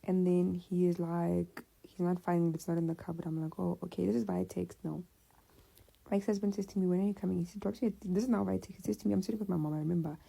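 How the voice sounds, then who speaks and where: Gravelly, dark-voiced woman. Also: on the low side, fast talker. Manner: slangy, conversational, animated retelling. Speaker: storyteller sharing a personal story. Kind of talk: casual personal storytelling.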